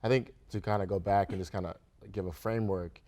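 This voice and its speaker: A young man with a fairly low voice talks easily as a studio interview guest. He laughs often and keeps things casual, dropping "right?" and "kinda" into his sentences. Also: steady tone, fast talker, warm tone. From Grand Rapids, Michigan, USA. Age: young adult. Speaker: guest, restaurant owner. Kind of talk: relaxed interview conversation. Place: radio studio.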